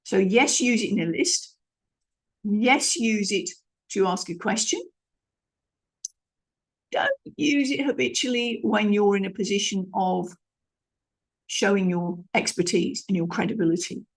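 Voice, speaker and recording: A middle-aged woman coaches listeners on vocal tone, unhurried and leaving long pauses in her mid-range voice. She's emphatic and demonstrative, restarting phrases frequently as she models different tones.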